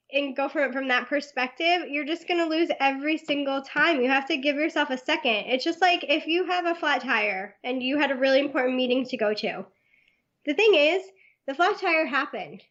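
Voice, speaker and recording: Brief: high-pitched woman guest, lively laughing storyteller, slightly dull lo-fi sound. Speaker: Etsy shop owner, guest. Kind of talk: casual interview chat.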